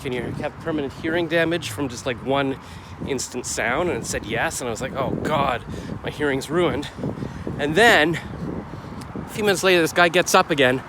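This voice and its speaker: A man's voice: fairly high pitch, normal speed. A middle-aged man vlogging casually, rambling and questioning himself, and getting heated as he retells a clash. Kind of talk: casual confessional vlog. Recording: street noise behind.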